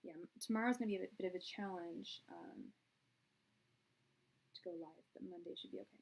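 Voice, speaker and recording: Soft-voiced woman hosting a tarot live stream. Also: on the low side, a little fast, rough recording. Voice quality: soft, soothing voice. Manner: relaxed and chatty, with many fillers and restarts. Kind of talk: casual live-stream chat. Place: a room at her parents' house. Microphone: quiet, low-level live-stream audio.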